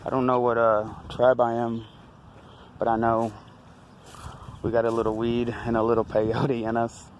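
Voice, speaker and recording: A man's voice: mid-range voice, completely flat delivery, moderate pace. A man vlogging casually outdoors, joking in slang as he walks among statues. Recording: noisy outdoor recording.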